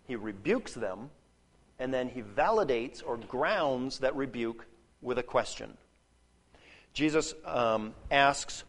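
A Bible teacher with a fairly high, animated voice gives a spoken lesson on a scripture passage at a normal pace. He explains as he goes, restarting and repeating words while he thinks, and checks in with "okay?" and "right?"

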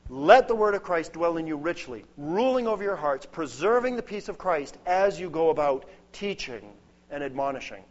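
Earnest preacher man, slightly high voice. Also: lively intonation, normal speed. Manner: earnest and emphatic, building through lists. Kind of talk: sermon. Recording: dull lo-fi sound.

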